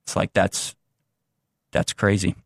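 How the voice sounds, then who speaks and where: A man's voice: takes it slowly, no echo, clean studio sound. A young man giving an unscripted, rambling commentary monologue, restarting sentences often and mocking the views he quotes in a sarcastic tone. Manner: rambling with many restarts and fillers. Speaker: political commentator.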